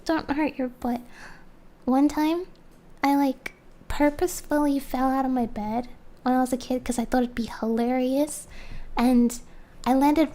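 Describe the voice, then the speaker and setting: A woman's voice: high-pitched, mellow. A young woman streaming while she draws, chatting casually and rambling with frequent giggles. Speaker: streamer and artist. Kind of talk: casual live-stream chat. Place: home, background noise heard. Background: faint lawnmower noise.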